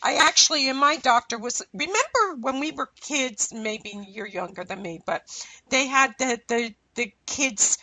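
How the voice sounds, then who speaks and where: A middle-aged woman hosting a radio show, talking in a rambling, chatty and animated way. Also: sits high, unhurried. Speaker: radio host. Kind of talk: casual radio chat.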